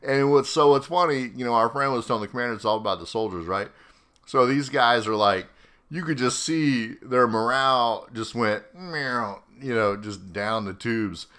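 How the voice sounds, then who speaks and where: A middle-aged man, an army veteran hosting his own podcast, telling a story in a casual, animated way and laughing often. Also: medium pitch, normal speed, clear, resonant tone. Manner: animated, acts out quoted voices, laughs often.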